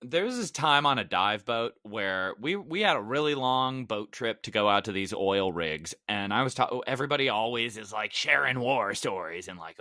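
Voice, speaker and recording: Casting: male podcast co-host, lively swinging pitch, bright forceful tone, expressive storyteller. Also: normal speed, few pauses, no echo, studio quality. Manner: storytelling, expressive, excitable interruptions. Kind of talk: casual chat.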